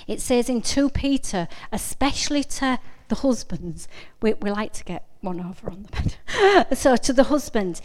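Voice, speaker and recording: Middle aged lady preaching, kinda high voice, rambles and corrects herself, big echoey hall sound. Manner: chatty, self-interrupting, earnest. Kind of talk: informal sermon. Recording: long reverb of a hall.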